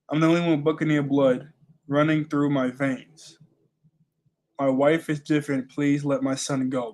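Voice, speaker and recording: A man hosting a casual manga reaction, reading panels aloud and musing between them with fillers and quick laughs. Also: medium pitch.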